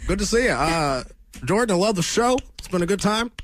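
A man doing an impression of a folksy, gracious male former president on a radio show, with drawn-out greetings. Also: sits high, expressive, fairly bright tone, a little hiss or hum, voice pushed up.

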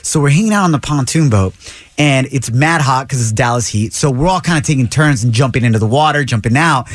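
A man's voice: mid-range voice, brisk. A man hosting a morning radio show, telling stories in a laid-back, slangy way. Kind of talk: casual morning radio banter. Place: radio studio.

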